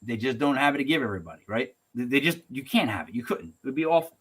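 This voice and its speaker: Animated ranting male podcast host. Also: mid-range voice, fast talker, husky. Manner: animated, ranting, acts out quotes in shifting voices. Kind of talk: casual podcast rant.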